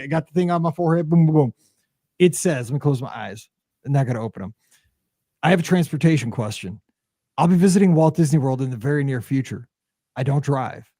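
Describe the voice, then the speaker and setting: A man hosting a podcast, chatting casually as a rambling, animated storyteller full of fillers. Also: mid-range voice, no room sound, clean studio sound. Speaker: podcast host.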